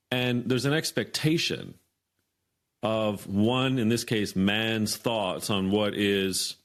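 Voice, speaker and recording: Low-voiced man telling a story. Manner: animated storyteller, acts out quoted dialogue. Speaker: podcast guest. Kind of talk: storytelling in an interview.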